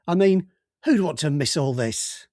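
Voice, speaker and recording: A man voicing a brusque, jovial middle-aged male police boss in an audiobook, talking loudly and bossily and cutting others off. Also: on the high side, expressive, a little slow, no room sound, clean studio sound. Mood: bluff, bossy. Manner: loud, bluff and bossy, cuts others off. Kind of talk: audiobook character voice.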